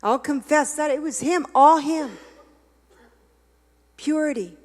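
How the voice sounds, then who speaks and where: A woman giving a confessional sermon, dropping to a hush and rising to loud preaching. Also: high voice, takes it slowly, in a large hall. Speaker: guest speaker. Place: church hall.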